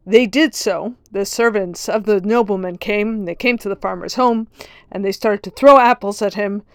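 A woman's voice: mid-range voice, normal speed, dry recording, studio quality. A woman giving an earnest religious lesson, telling a parable in a storytelling manner. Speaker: Torah teacher.

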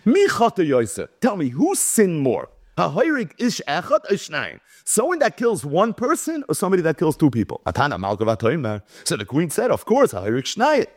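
A man's voice: a little high, fairly quick, few pauses, no room sound, clean studio sound. A man teaching a Talmud lecture. He reads Hebrew and Aramaic lines, translates them, and tells the story with animation. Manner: animated storytelling, acting out quoted speakers. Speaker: Torah teacher.

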